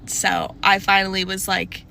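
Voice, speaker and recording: A woman in her twenties telling a casual storytime, chatty and animated, full of likes and restarts. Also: a little slow, gravelly, a little hiss or hum. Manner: animated, shifting pitch often.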